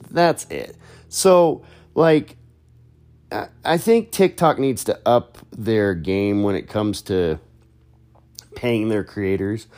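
A man's voice: lowish voice, darkish tone. A young adult man and content creator, talking in a casual, chatty monologue full of restarts and fillers.

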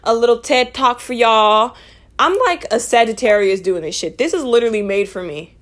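A woman's voice: fairly high pitch, expressive, normal speed. A young woman hosting a casual personal podcast, talking bluntly and emotionally to her listeners, with frequent swearing. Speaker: podcast host.

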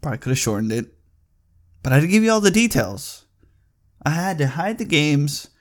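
A man in his twenties telling a story as a casual vlog rant, heated and profane, often getting loud and high. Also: sing-song, brisk. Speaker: vlogger.

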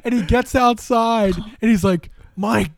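A man's voice: high voice, a little slow, creaky, no echo. Giggly, foul-mouthed young man. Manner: laughing, profane, acts out quotes. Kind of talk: casual chat.

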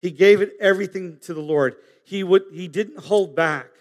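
Man preaching in an echoing hall. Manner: earnest, pausing, rising to emphatic peaks and dropping low. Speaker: pastor. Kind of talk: sermon.

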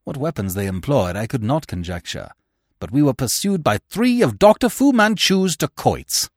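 Brief: theatrical male narrator for classic fiction, mid pitch, lively, dry studio. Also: moderate pace, no echo. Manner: expressive, theatrical storytelling. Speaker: audiobook narrator. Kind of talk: scripted dramatic narration.

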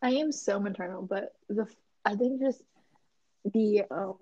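A woman's voice: medium pitch, unhurried, warm tone, no room sound. A young woman from the American South, co-hosting a podcast in a joking, chatty way. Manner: chatty, joking, lots of fillers. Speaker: podcast co-host. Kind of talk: casual chat. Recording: muffled lo-fi audio.

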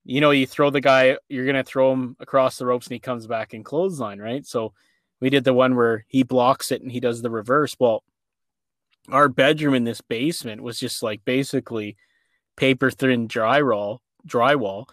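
A man telling a childhood story in a casual chat, animated and laughing, with many fillers. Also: mid-range voice, normal speed, dry recording, studio quality.

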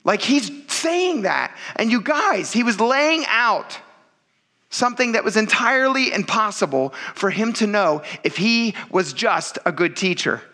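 A pastor preaching a sermon in a conversational, joking and emphatic way, often checking in with the congregation. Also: male voice, high-pitched, sing-song, measured pace, sharp tone.

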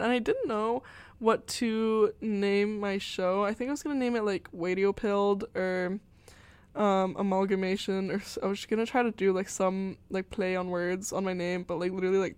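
A woman's voice: mid-range voice, smooth, no echo. Young female college radio host, mid-range voice, loose chatty rambling with lots of fillers, close dry studio sound. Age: young adult. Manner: rambling, filler-heavy, giggly. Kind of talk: casual chat.

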